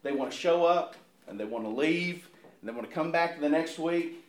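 A man's voice: a little high, normal speed. Earnest preaching man, echoey room. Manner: earnest, with frequent repeated words and restarts. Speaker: pastor. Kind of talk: sermon.

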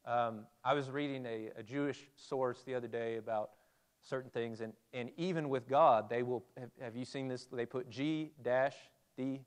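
A man's voice: medium pitch, fairly even intonation, moderate pace, clear, resonant tone. Man preaching a conversational sermon. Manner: conversational, asks the audience questions.

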